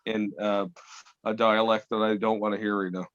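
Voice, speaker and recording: A man's voice: lowish voice, level tone, normal speed, a bit bright, no echo. A man co-hosting a podcast, teasing and swearing bluntly in casual banter over a call. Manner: blunt, combative, swears a lot. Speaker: podcast co-host. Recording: dull lo-fi call audio.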